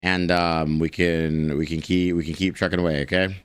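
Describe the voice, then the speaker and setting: A man's voice: deep voice, flat delivery, moderate pace, clear, resonant tone. A young man live streaming, chatting casually with his chat, rambling, joking and swearing freely.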